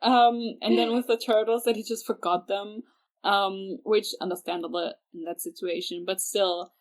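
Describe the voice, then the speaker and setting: A woman with a mid-pitched, ordinary voice, chatting casually as a podcast co-host. She talks hesitantly, often restarting her sentences. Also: little pitch movement, normal speed, rough recording. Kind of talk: casual fan podcast chat.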